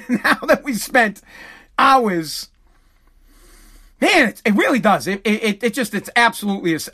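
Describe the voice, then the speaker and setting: A woman's voice: on the high side, animated, unhurried, pauses often, fairly bright tone. A woman ranting heatedly in a comedic podcast monologue, swearing often and stumbling over restarts. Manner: heated, profane, stammering restarts. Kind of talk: comedic rant.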